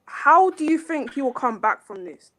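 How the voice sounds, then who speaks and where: A woman's voice: sits high, very animated, normal speed, fairly bright tone. A woman calling into a live stream as a guest, earnestly asking heartfelt questions. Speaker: guest caller. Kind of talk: casual live chat.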